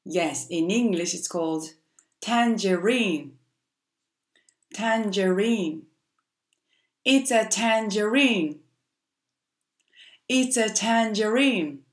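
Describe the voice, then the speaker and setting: A woman teaching a playful vocabulary game to children, speaking in a slow, exaggerated teacher voice. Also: medium pitch. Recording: echoey room.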